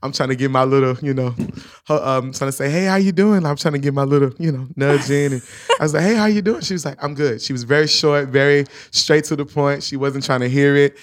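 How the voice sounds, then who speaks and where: Animated man telling a story. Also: mid-range voice, fairly quick. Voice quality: animated, acts out quoted lines, laughs often. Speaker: guest telling his story. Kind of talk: casual storytelling chat.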